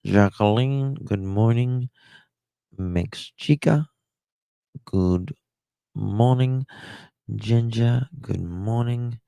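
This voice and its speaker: A man's voice: mid-range voice, extremely slow, gravelly, long pauses, dark tone, clear, resonant tone, no echo. A man hosting a casual livestream, greeting chatters one by one and talking candidly, with some swearing. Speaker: livestream host. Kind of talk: casual live-stream chat.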